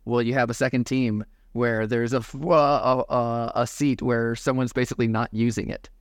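A man hosting a motor-racing podcast in casual chat. He is animated, swears freely, and laughs often. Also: mid-range voice, moderate pace, dry recording, clean studio sound. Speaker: podcast host.

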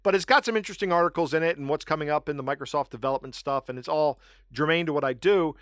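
A man co-hosting a podcast, chatting casually and telling stories with animated, self-mocking asides. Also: a little high, very fast, no room sound, studio quality. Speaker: podcast co-host. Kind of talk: casual chat.

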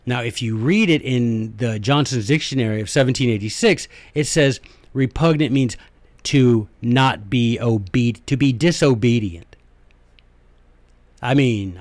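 A man's voice: medium pitch, no room sound. A middle-aged man with a light Southern US accent, hosting a folksy, chatty lecture full of emphatic asides. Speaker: host.

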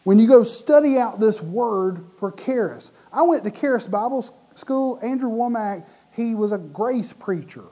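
A man preaching a sermon, animated and often restarting or repeating his words mid-sentence. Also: high-pitched, moderate pace, hardly any pauses.

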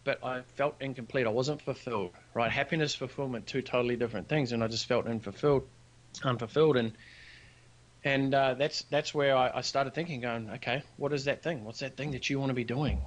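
A man's voice: medium pitch, fairly quick. Earnest New man telling a story. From New Zealand. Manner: earnest, animated storyteller who acts out quoted dialogue. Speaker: podcast guest, business founder. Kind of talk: personal storytelling in conversation.

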